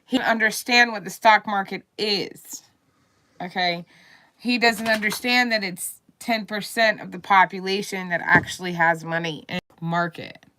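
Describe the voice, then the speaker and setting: A woman's voice: medium pitch, fairly even intonation, moderate pace, pushed and bright. A woman hosting a livestream, ranting about politics in a blunt, heated way and swearing constantly. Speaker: livestream host. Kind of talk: casual profane political rant.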